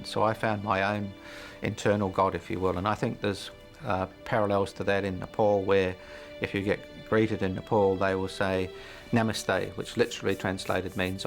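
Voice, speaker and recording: A middle-aged man telling his life story in an interview, reflective and hesitant, with many fillers and frequent chuckles. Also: on the low side. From New Zealand. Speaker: interview guest.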